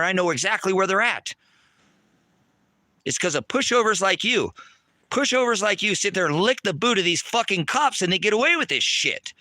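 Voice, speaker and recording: Angry, profane preaching man. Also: no room sound. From United States. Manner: angry, profane and preachy, swings between shouting and low lecturing. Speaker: livestream preacher. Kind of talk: heated livestream rant to chat.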